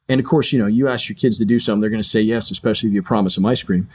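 A man's voice: fairly low pitch, rapid-fire, few pauses, darkish tone, breathy edge. Earnest middle-aged man telling his story. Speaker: guest, retired fighter pilot and chaplain. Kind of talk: personal storytelling in an interview.

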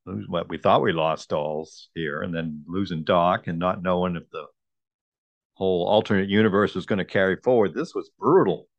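A podcast co-host reflecting softly in a casual chat. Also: low voice, normal speed, no echo. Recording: dull lo-fi dry sound.

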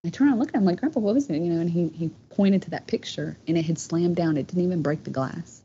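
A woman's voice: fairly low pitch, quick pace, warm tone, a little hiss or hum. A woman, telling a personal story as a podcast guest in a heartfelt, rambling way, with many "you know" fillers. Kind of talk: casual storytelling. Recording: dull lo-fi podcast audio.

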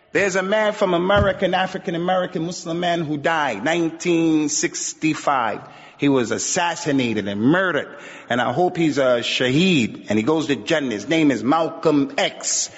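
High-voiced man preaching in a reverberant hall. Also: normal speed. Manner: emphatic, repetitive, rising to near shouts. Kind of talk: sermon. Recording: dull sound with long hall reverb.

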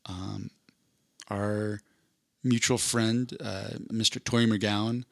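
A man's voice: lowish voice, steady tone, takes it slowly, vocal fry, fairly bright tone, dry recording, studio quality. A man co-hosting a podcast, telling a long casual story with lots of restarts and self-corrections. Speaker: podcast co-host. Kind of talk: casual chat.

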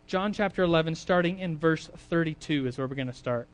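A male preacher giving an informal, chatty sermon with a slightly high voice. He drifts into quiet asides and then rises into loud emphasis, and fillers scatter through his talk. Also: fairly quick. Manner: chatty, conversational, with frequent fillers.

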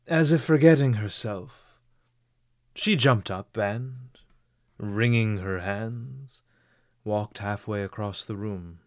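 Slow, low-voiced male audiobook narrator. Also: dry recording, clean studio sound. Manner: measured, expressive reading.

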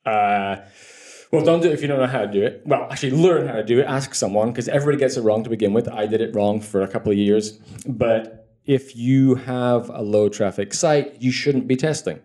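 Here the same kind of guest, a man expert in conversion optimization, talks bluntly, cracks jokes, and curses without restraint. His warm mid-range voice runs a little fast, and the recording is reverberant.

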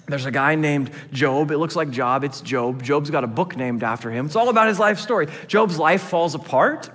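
A male pastor preaching a sermon, swinging between loud emphatic bursts and hushed, quiet passages. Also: fairly high pitch. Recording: long hall reverb.

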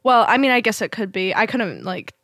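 A woman's voice: medium pitch, sing-song, a little fast, fairly bright tone, no room sound, clean studio sound. A young woman hosting a radio music show, chatting casually and rambling with lots of fillers.

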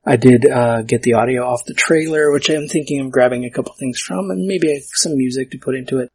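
A man's voice: medium pitch, fairly quick, husky, dry recording. A man hosting his own podcast solo, talking casually and tripping over his own words with self-mocking humor. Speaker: podcast host.

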